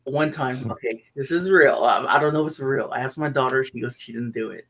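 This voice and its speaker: A middle-aged man hosting a casual chat. He tells stories in an animated way, getting loud and excited, then dropping to mutters. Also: mid-range voice, a little fast, a little hiss or hum, rough recording. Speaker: livestream host.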